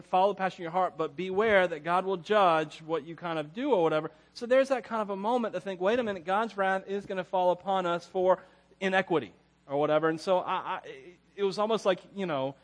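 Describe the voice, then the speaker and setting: A man's voice: high-pitched, brisk. A man preaching a casual, conversational sermon as a pastor, rambling through personal stories and chuckling often.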